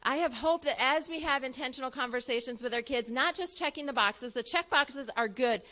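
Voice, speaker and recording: A woman in her thirties tells a personal story to a listening audience. She speaks earnestly, in a voice a little higher than most, and slips into the voices of herself and her son as she recounts their talks. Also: bright, forceful tone. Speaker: event speaker.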